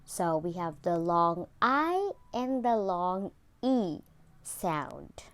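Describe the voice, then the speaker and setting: A woman's voice: lowish voice, very animated, very slow, fairly bright tone. A woman teaching English pronunciation, repeating each word twice and drawing out the sounds, with English that is not her first language. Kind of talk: slow, repetitive pronunciation lesson.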